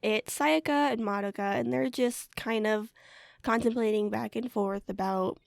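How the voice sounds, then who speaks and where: Young woman on an anime podcast, kinda gravelly, dry close sound, lots of "you know". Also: a little high, steady tone, a little slow, dry recording. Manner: hesitant, many fillers, laid-back. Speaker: podcast co-host. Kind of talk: casual anime review chat.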